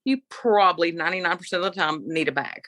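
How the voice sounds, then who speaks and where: A woman's voice: lowish voice, quick pace, fairly bright tone, no room sound. Opinionated woman telling a story, dry sound. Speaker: podcast co-host. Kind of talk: casual chat.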